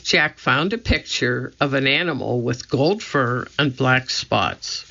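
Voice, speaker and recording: A narrator reading a children's chapter book aloud in a steady, clear storytelling manner. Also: medium pitch, takes it slowly, few pauses, dull audio. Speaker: audiobook narrator.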